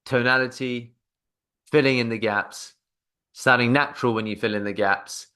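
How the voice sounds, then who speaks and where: Man, sales coach, mid-pitched voice, lively instructional delivery. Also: moderate pace, smooth. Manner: energetic, acts out sample phone phrases. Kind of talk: instructional talk to camera.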